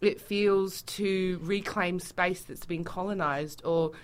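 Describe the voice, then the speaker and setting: A woman talking as a theatre-maker guest in a radio studio, animated and acting out quoted voices. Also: fairly low pitch, slow pace. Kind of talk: casual interview chat.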